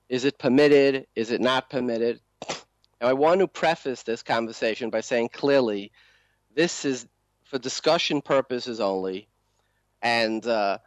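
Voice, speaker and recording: A man hosting a talk program who introduces his guest and poses questions in an earnest, measured way. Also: mid-range voice, no echo. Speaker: talk show host.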